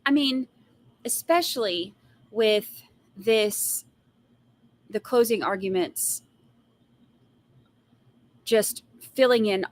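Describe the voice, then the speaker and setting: A woman's voice: on the high side, very slow, pauses often. A woman hosting a live trial commentary, answering viewer comments and giving blunt, sassy opinions with exasperated rants. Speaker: trial commentary livestream host.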